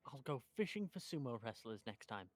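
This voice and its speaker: A man doing a deadpan, obliging secretary. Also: medium pitch, fairly quick, no echo, faint music behind, voice pushed down. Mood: dry. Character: polite female secretary, efficient and dry.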